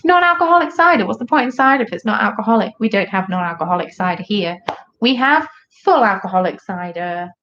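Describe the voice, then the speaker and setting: A woman's voice: medium pitch, lively intonation, fairly quick, a bit bright, dull audio, a little hiss or hum. A British woman from the UK, hosting a casual live stream with a chatty, jokey, rambling manner. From United Kingdom.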